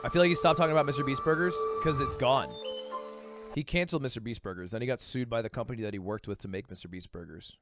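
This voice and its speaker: A man's voice: mid-range voice, fast talker, music in the background. A man giving casual, joking and profane reaction commentary as a streamer.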